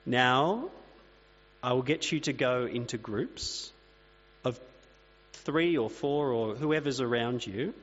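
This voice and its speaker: A man's voice: mid-range voice, expressive, slow, long pauses, fairly bright tone. Man preaching plainly in a reverberant hall. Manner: conversational, plain-spoken preaching with asides. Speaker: pastor. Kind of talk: sermon. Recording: dull reverberant hall recording with mains hum.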